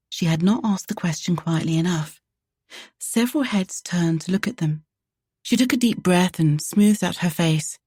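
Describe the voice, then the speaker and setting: Low-voiced woman narrating a romance. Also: moderate pace, a little mellow, breathy edge, dry recording, studio quality. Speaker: audiobook narrator.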